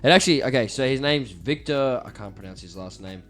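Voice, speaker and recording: A man's voice: medium pitch, expressive, brisk. A young man co-hosting a podcast, chatting in a laid-back way and swearing casually. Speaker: podcast co-host. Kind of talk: casual chat.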